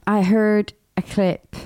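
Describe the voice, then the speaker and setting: A woman co-hosting a talk radio show, talking in a frank, opinionated way. Her voice is mid-pitched and recorded dry and close, and she stumbles over repeated words when starting a point. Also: little pitch movement, very slow, warm tone, clear, resonant tone, dry recording. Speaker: radio co-host. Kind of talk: casual chat.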